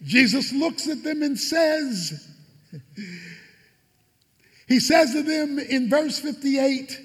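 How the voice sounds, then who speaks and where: High-voiced preacher, lively in a hall. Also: male voice, measured pace, long pauses. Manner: preaching with rising fervor and emphatic repetition. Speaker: pastor. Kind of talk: sermon.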